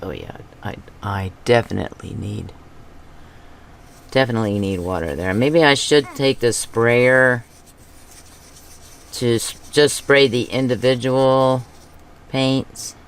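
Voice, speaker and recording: A woman hosting a craft video, chatting casually as she paints, thinking aloud and talking to herself with soft chuckles. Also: rumbling low, slow pace, creaky, long pauses, a little hiss or hum. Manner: soft chuckles between remarks.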